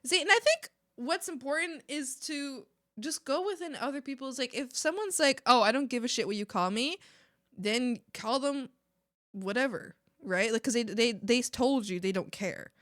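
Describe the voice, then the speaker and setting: A young woman from Mexico chatting casually on an art stream, animated and ranting, laughing often and swearing casually. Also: high-pitched, moderate pace, no room sound, clean studio sound. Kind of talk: casual live-stream chat.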